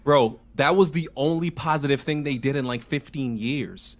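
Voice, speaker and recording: A man's voice: medium pitch, moderate pace. A man joining a stream, arguing insistently and pushing back on the host. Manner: argumentative, insistent, pushes back with repeated "bro". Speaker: guest debating on a stream. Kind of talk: casual argument.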